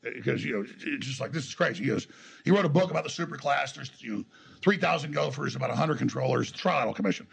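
A Texan man, a guest in a conversational interview, tells a long story emphatically and ramblingly, acting out quoted exchanges. His mid-range voice is animated and fast with vocal fry, and there's a little hiss or hum on the recording.

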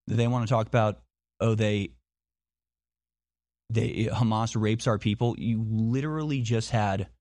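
A man delivers a monologue commentary insistently, firing off repeated rhetorical questions and often restarting his sentences. His voice is on the low side and a little mellow, with no room sound.

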